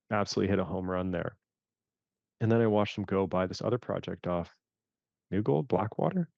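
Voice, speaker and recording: A man from Canada talks through investing stories in a low, gravelly voice, slipping into quoted reactions with animated energy. The sound is dry and a bit dull, with little room around it. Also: no echo. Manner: animated, acts out his own reactions in quotes. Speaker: fund manager guest. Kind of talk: casual interview storytelling.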